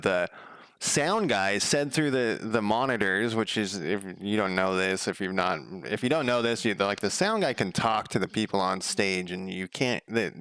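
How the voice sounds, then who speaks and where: With a clean, echo-free sound, a man rambles through a story while streaming his game coding. The talk is casual and full of profanity and fillers, and he raises his volume and pitch whenever he quotes someone.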